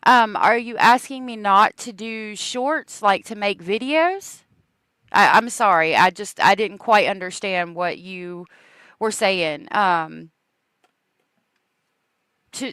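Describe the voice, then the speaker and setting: A woman chats slowly and casually on a livestream. She greets viewers by name and laughs easily. Her voice is smooth and clear, with a dry, close sound. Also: medium pitch, a bit bright, no room sound. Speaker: true crime livestream host.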